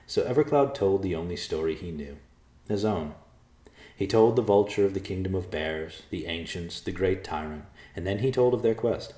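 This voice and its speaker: A man narrating a storybook chapter with a steady, expressive reading. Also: sits low, normal speed, echoey room. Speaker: audiobook narrator.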